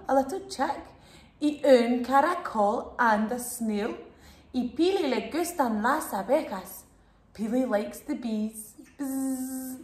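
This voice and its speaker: A storyteller and children's Spanish teacher, her voice fairly high and a little mellow, presents a bilingual storybook lesson to young kids. She's sing-song and exaggerated, gets them repeating words, and her voice echoes with reverb.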